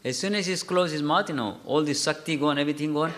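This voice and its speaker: Halting man teaching scripture. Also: a little high, a bit bright. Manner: halting, self-correcting, asks the audience questions. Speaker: lecturer. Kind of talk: scripture class storytelling.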